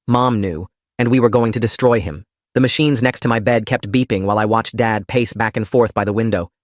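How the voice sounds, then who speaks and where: Male storytime narrator, low pitch, even delivery, dead-dry booth sound. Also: dry recording. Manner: steady, plain reading. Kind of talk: first-person storytime narration.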